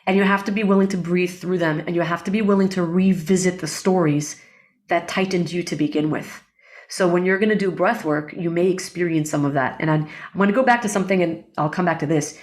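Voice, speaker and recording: A woman's voice: lowish voice, fairly even intonation, brisk, darkish tone. A woman guest on an interview, a breathwork facilitator explaining ideas earnestly, often checking in with "right?" and quoting Hebrew prayers. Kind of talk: reflective interview talk.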